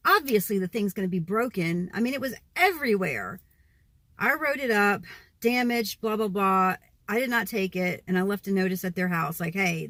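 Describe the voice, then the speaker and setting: A woman who works as a mail carrier, telling a chatty vlog story and growing animated and incredulous as she vents. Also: mid-range voice, no room sound. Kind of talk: casual daily vlog chat.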